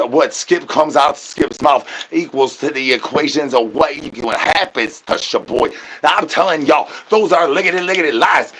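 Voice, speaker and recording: A man doing an absurd comedy rant to his chat, spilling rhyming nonsense patter with rapid stuttered repetitions. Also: on the high side, a bit bright, slightly rough. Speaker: streamer.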